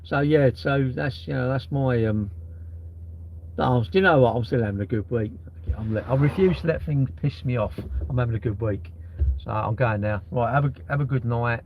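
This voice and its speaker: A man's voice: mid-range voice, normal speed, a little hiss or hum. A middle-aged man, rambling and swearing freely in casual live-stream chat. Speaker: livestreamer. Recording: dull, lo-fi live-stream audio.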